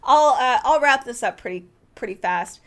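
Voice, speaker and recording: Chatty, excited woman reviewing a cookbook. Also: a little high, moderate pace. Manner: enthusiastic, thinking aloud, self-correcting. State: arm tired from holding a heavy book. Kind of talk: casual cookbook preview, flipping pages.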